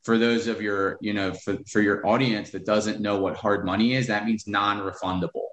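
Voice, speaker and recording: A man's voice: fairly low pitch, little pitch movement, normal speed, fairly bright tone, reverberant. A man who is a real estate investor, talking bluntly with profanity as a podcast guest. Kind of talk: podcast interview.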